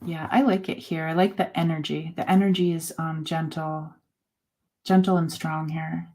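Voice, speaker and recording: A woman in her forties hosting a casual live chat, talking in a halting way with many fillers and soft laughs. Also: low-pitched, level tone. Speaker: host.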